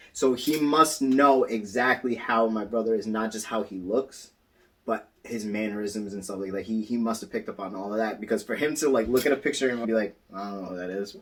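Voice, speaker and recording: A man co-hosting a casual podcast, telling a story in animated style and acting out the quotes. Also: on the low side, far from the mic. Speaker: podcast co-host. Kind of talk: casual chat.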